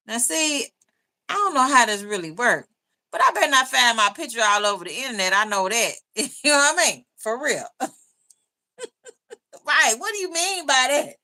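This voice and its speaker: Hosting a casual YouTube livestream, a woman talks freely with viewers, reading out their comments and laughing a lot. She speaks at a moderate pace in a higher, animated voice that's bright and forceful.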